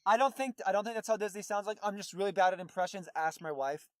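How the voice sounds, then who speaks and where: A man's voice: sits high, fast, no echo, studio quality. A man co-hosting a podcast, recapping a movie in a rambling, casual way with many fillers and restarts. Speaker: podcast co-host.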